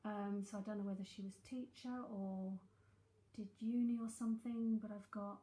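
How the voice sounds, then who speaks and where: A woman's voice: mid-range voice, steady tone, moderate pace, warm tone, roomy sound, rough recording. A woman with a London accent giving a psychic reading in a chatty, rambling way, thinking aloud with many fillers. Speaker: psychic medium. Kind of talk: live-streamed reading, casual chat.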